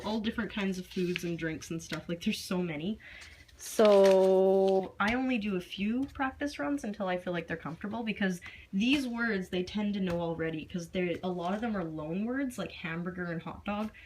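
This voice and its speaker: A woman's voice: medium pitch, noisy background. Chatty young woman explaining a lesson. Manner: chatty, with many fillers and acted-out classroom prompts. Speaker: English teacher. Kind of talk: casual explanation of a classroom lesson.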